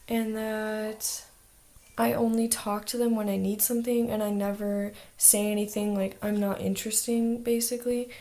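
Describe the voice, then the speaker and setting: A woman's voice: fairly high pitch, warm tone. A teenage girl talking in a casual video diary as an exchange student, chatty and full of "like" fillers.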